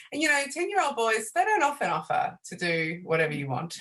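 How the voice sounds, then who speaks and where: A woman in her forties, a bereaved mother and author, speaking softly and hesitantly with many fillers in a radio interview. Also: medium pitch, very animated, fast, poor audio. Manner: soft-spoken, hesitant, many fillers and restarts.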